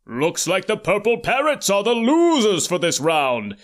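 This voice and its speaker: A narrator voicing a showy male game show announcer in an audiobook, with a drawn-out, stammering announcer delivery. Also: medium pitch, very animated. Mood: gloating. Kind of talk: audiobook character voice.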